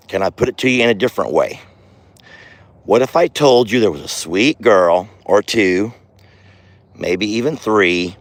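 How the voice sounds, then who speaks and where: Low-voiced guy rambling on his farm vlog outdoors, folksy and chatty, sweet-talking the animals. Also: dry recording. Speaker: ranch owner and vlogger. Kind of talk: casual vlog narration.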